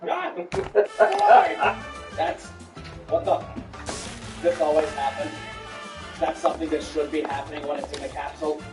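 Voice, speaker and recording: A woman streamer giving casual let's-play commentary, sarcastic and profane, talking back at the game. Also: sits low. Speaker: gaming streamer. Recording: roomy, distant mic with game music.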